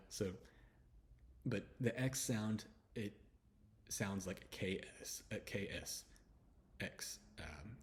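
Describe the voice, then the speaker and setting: A man with a Texan accent and a very low voice walks through English letter sounds, repeating each one slowly in a relaxed, chatty way. A faint background hum sits under his voice. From Texas. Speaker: English pronunciation teacher. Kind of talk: casual pronunciation lesson.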